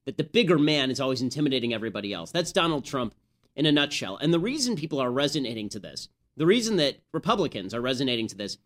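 A man's voice: medium pitch, big pitch swings, fast talker, a bit bright. A male host delivers political commentary in a conversational, opinionated manner. He often restarts his sentences as he builds his argument.

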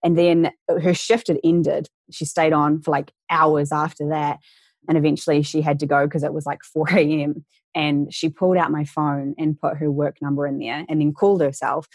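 Casting: young woman, low pitched, candid storyteller, dry close sound. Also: level tone, normal speed, darkish tone, no echo. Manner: candid, earnest, re-enacts quoted voices. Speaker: interview guest. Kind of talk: personal storytelling in an interview.

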